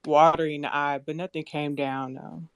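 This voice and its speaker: A woman's voice: low-pitched, level tone, moderate pace, clean tone, no room sound, studio quality. A woman in a casual chat, reserved and hesitant.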